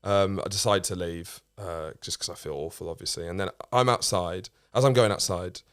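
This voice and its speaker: Low-voiced man telling a story. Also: moderate pace, a bit bright, clear, resonant tone, no echo, studio quality. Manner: rambling, restarts, swears freely. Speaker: comedian guest. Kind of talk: casual anecdote telling.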